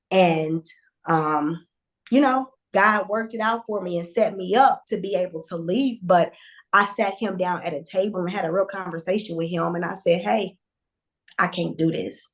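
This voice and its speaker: A woman guest telling a candid personal story in a conversational, animated way, with fillers and restarts. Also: fairly low pitch, moderate pace.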